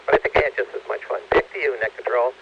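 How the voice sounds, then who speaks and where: A man, an amateur radio operator, giving an eager, halting report full of fillers. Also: medium pitch, gravelly, highs cut off, heavy background noise. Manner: enthusiastic, halting, many fillers.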